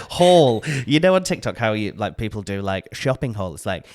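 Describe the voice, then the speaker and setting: Picture a male podcast co-host with a very lively voice that leaps up and down as he jokes. He talks in a loose, casual way, teasing and bantering with his co-host. He sounds close to a studio mic. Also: medium pitch, a little slow.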